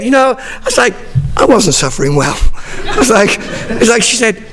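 A middle-aged man preaching a sermon, telling personal stories in an animated way with frequent restarts. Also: extremely high pitch, normal speed. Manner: animated storytelling, frequent restarts, acts out dialogue. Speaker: pastor.

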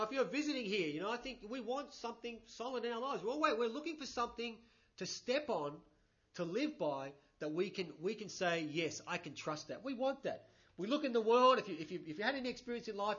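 Aussie pastor preaching, high bright voice, chatty with emphatic bursts, dull lo-fi recording. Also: male voice, animated, a little fast. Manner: conversational, many 'you know' fillers, rising emphatic bursts. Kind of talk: sermon.

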